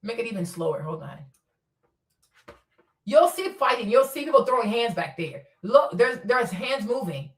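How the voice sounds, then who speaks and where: A woman's voice: on the high side, very animated, moderate pace, roomy sound, recorded from a distance. A woman streamer commenting on footage in a casual, insistent way, repeating herself as she points out details step by step.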